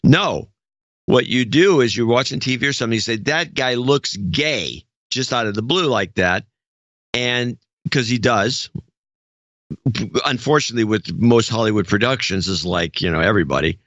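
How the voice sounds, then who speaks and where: A man co-hosting a podcast in casual chat, rambling and halting as he talks. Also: medium pitch, a bit bright, no room sound. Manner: rambling, halting, with many restarts. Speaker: podcast co-host. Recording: dull, dry podcast audio.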